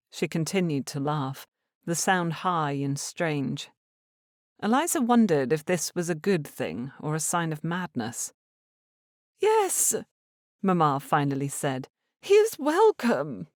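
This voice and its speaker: A woman narrating a period romance with a fairly low voice that still moves lively in pitch. She reads in a measured, expressive way, close to the mic in a dry, dead room. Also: no echo. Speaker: audiobook narrator. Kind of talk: scripted narration.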